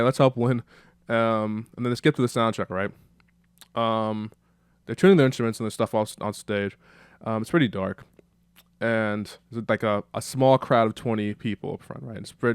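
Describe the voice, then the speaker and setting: A man's voice: on the low side, steady tone, fairly quick, smooth, no echo, studio quality. A man casually talking through a cartoon script in a rambling way, full of fillers. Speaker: show creator reading a script.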